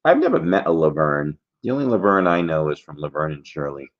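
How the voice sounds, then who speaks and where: A man's voice: a bass voice, big pitch swings, a little fast, lo-fi sound. A man hosting a casual trivia livestream, chatty and jokey, rambling between questions.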